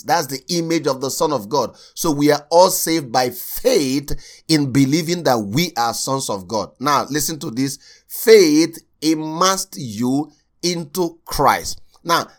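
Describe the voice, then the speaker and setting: A man preaching a sermon, repeating key lines slowly for stress and speaking straight to his listeners. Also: mid-range voice. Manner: addresses listeners directly as sir and uncle.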